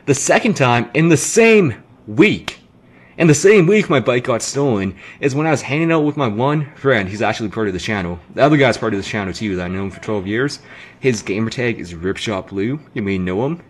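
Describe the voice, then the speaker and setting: A young man, telling a story in casual gaming commentary, animated and swearing freely. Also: fairly low pitch, fast, slightly rough. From Canada.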